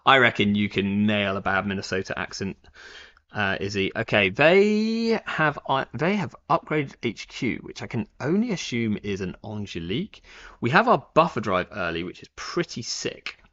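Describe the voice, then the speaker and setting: A young man chats through his card game on a live stream, thinking aloud, full of fillers and restarts. His voice sits fairly low but rises and falls a lot as he talks. The stream audio is dull and lo-fi. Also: expressive, moderate pace, a bit bright. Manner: rambling, thinks aloud with many fillers and self-corrections. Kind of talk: casual live-stream commentary.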